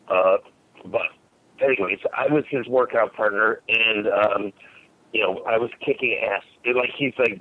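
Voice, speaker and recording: A man in his forties, a guest telling old fight stories in a blunt, rambling way, swearing freely. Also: lowish voice. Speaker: podcast guest, former fighter. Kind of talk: storytelling in a casual interview. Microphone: phone line. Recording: tinny phone line, faint hiss.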